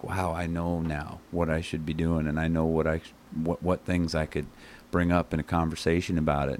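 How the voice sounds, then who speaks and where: Host, male, very low voice, earnest rambling talker with lots of restarts. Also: a little mellow. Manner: rambling, self-correcting, earnest. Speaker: show host. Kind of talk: casual talk show chat. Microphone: headphones and studio mic.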